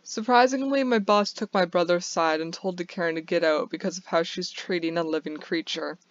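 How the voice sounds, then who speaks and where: A woman's voice: lowish voice, fairly quick, no room sound, dull audio, close to an everyday voice. A kind young barista, as a woman reads him. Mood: amused.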